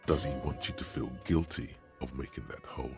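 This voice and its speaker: A man voicing the grave, detached narrator of a video game, speaking in measured, deep tones. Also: over music.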